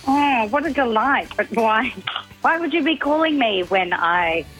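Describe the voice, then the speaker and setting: A woman's voice: a little high, expressive, a little slow, fairly bright tone, faint music behind, rough recording. An Australian woman, a mother called live on a radio show, flustered and laughing it off. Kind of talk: phone call to a radio show.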